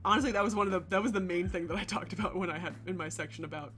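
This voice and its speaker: A woman co-hosting a podcast, talking in an animated, chatty way with many fillers. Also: on the low side, racing, faint music behind. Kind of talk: casual chat.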